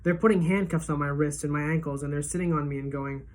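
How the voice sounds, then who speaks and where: A woman teacher reading a novel aloud to her class, giving the dialogue lively pitch and loudness shifts. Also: brisk, few pauses. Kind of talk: audiobook-style read-aloud.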